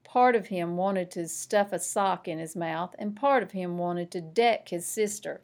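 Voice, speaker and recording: A woman, a school principal, reading a children's novel aloud with expressive, lively storytelling. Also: fairly low pitch, measured pace, hardly any pauses.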